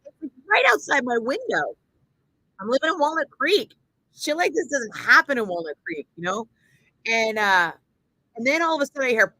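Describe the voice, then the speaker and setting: A woman in her forties, a radio host, telling a story in casual chat, animated, swearing freely and acting out the people she quotes. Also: high voice, moderate pace, no echo, poor audio. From Northern California.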